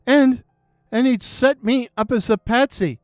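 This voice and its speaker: A man tells a scripted horror story at a slow, suspenseful pace, close to the mic. His voice is high and smooth. The dry recording carries faint music underneath. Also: dry recording. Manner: measured, suspenseful.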